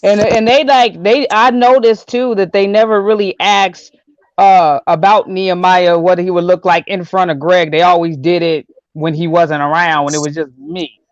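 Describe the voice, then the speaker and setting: A woman's voice: fairly low pitch, fairly even intonation, normal speed, no echo. Indignant woman telling a story, lo-fi. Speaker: panelist. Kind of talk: casual group chat. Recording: dull lo-fi audio.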